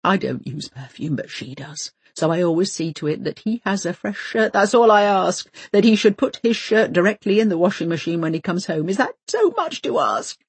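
A woman's voice: lowish voice, big pitch swings, normal speed, hardly any pauses, slightly rough, dry recording, exaggerated voice. A woman reading an audiobook voices a prim, fussy older wife who speaks in precise, insistent, formal phrases. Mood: hurt.

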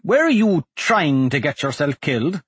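A cranky old priest with a nasal, raised voice and a sarcastic, scolding way of talking, as a man reading an audiobook puts him on. The delivery is husky and the room is dry. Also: fairly high pitch, very animated, moderate pace, fairly bright tone, dry recording, full character voice.

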